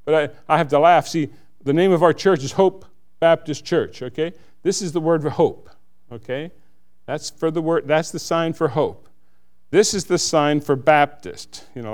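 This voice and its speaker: A man's voice: on the high side, smooth. A man giving a church testimony, earnest and self-mocking, laughing at his own stories.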